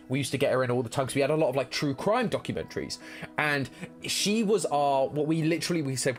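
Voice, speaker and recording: A young British man chatting casually as a live-stream host, reading chat aloud and laughing often. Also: medium pitch. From United Kingdom.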